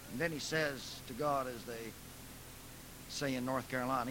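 Forceful, bright-voiced male preacher. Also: medium pitch, moderate pace, slight background noise, low-quality recording. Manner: emphatic, swinging from soft asides to loud dramatic outbursts. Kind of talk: lecture-style preaching.

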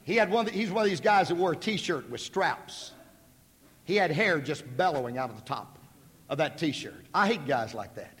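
A man's voice: on the high side, expressive, moderate pace, a bit bright. A male pastor preaching a sermon, telling a personal story in a folksy, emphatic way at a school gathering. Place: large hall at a school. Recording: echoey hall.

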